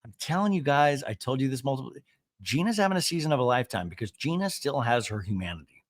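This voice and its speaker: A man's voice: medium pitch, quick pace, no room sound, clean studio sound. A man hosting a podcast, recapping a reality show in casual, gossipy chat and acting out the quotes. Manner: animated, gossipy, acts out quotes. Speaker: podcast host.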